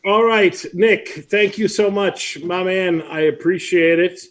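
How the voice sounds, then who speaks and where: A man's voice: high voice, unhurried. Chatty man hosting a live stream. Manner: chatty storyteller, lively asides and laughs. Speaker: host. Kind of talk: casual live-stream chat.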